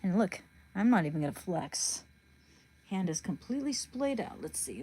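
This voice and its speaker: A woman's voice: on the low side, very animated, normal speed, mellow, slight background noise. A woman hosting a livestream, chatting casually and bluntly with her viewers. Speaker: livestream host.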